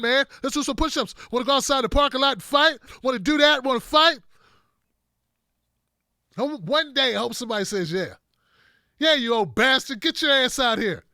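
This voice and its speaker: A man's voice: high voice, a bit bright, no room sound, clean studio sound. A man doing a blustering old politician. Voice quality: rambling, blustery, tough-guy bravado. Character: rambling older male politician, blustering and combative. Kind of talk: comedic impression.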